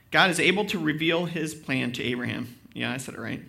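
Male pastor with a slightly high, bright voice, preaching a sermon, reads scripture with building emphasis and talks straight to the congregation. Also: a little fast, gravelly, hardly any pauses. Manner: preaching with rising emphasis while reading scripture aloud; conversational asides and questions to the congregation.

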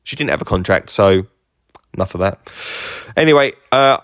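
A man's voice: on the low side, expressive, normal speed, fairly bright tone, clean tone, no room sound, studio quality. A man hosting his own podcast, chatting enthusiastically and rambling with lots of fillers and restarts. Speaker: podcast host and garden entertainer. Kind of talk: casual podcast monologue.

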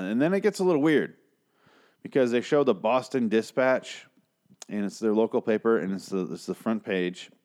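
A man's voice: fairly low pitch, darkish tone. A man ranting casually about an old TV episode, exasperated and profane, rambling with lots of asides.

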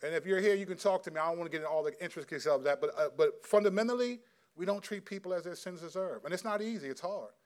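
A man's voice: sits high, quick pace. A middle-aged man preaching as a pastor, earnest and conversational, answering a question from the congregation. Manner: earnest, conversational, acts out quotes. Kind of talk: sermon with audience Q&A.

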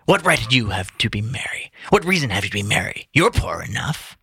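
A man voicing a grumpy old miser in a gruff, scornful put-on voice while reading aloud. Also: fairly low pitch, very animated, fairly quick, pushed and bright, no echo, clean studio sound, exaggerated voice.

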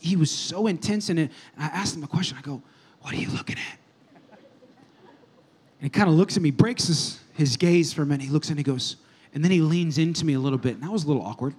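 A man's voice: a little high, a little mellow. A man preaching a sermon, telling a rambling, humorous story and calling out to the audience as he goes. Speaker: pastor.

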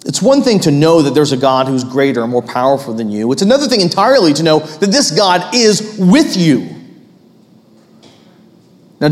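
A man in his thirties preaching a sermon as pastor, animated and rising to loud, emphatic peaks. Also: fairly high pitch, big-room sound.

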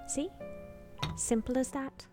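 A woman's voice: high-pitched, steady tone, slow pace, music in the background. A woman playing a cold, scornful figure in an audio drama, lecturing in terse lines.

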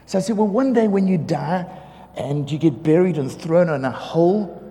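Animated pastor, high voice. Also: male voice, normal speed. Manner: animated storyteller, acts out quotes, laughs often. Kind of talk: sermon storytelling. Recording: reverberant hall with faint ambience.

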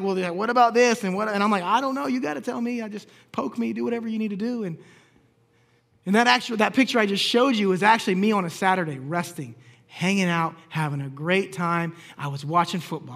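High-voiced man preaching a personal story. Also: fairly bright tone. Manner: storytelling, acts out quoted dialogue with humor. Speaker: pastor.

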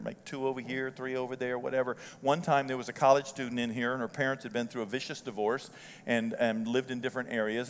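An older man preaching a sermon as pastor, telling folksy stories with strong emotion that swells loud and high. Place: church sanctuary. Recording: church hall reverb.

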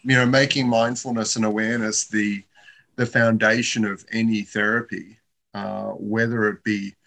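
Host, male, low gravelly voice, thoughtful reflective chat. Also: little pitch movement, normal speed, fairly bright tone. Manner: thoughtful, musing. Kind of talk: reflective casual conversation.

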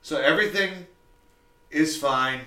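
A man's voice: a little high, measured pace, echoey room, far from the mic. A man, a tattoo artist, telling a story on a casual podcast, swearing freely and acting out what people said. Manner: profane, animated, acts out quotes.

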